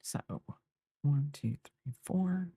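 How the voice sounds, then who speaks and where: Low-voiced chatty woman in her fifties. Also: takes it slowly, gravelly, dark tone, breathy edge, no room sound. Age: 50s. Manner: rambling and chatty, thinking aloud with many fillers. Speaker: crochet livestreamer. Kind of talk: casual chat while crocheting on stream.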